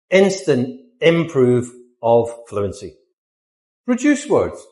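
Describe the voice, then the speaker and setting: A man's voice: a little high, echoey room. A man teaching an English lesson online, modeling phrases with exaggerated rising and falling intonation. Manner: lively, sing-song teaching delivery with exaggerated intonation.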